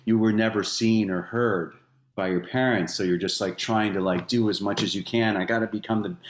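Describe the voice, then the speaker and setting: A middle-aged man with a lowish voice speaks as a podcast guest, turning his thoughts over slowly and loosely, leaning on "you know" and "like." His voice carries a noticeable room echo. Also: fairly even intonation. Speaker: musician guest. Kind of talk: reflective podcast conversation. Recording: roomy echo on voice.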